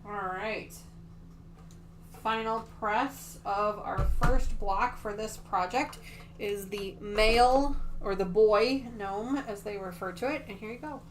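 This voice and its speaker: A woman with a medium-pitched voice hosts a quilting livestream, speaking slowly over a faint hiss or hum. She chats casually, gushes over her projects, and reads viewer comments aloud as she answers them.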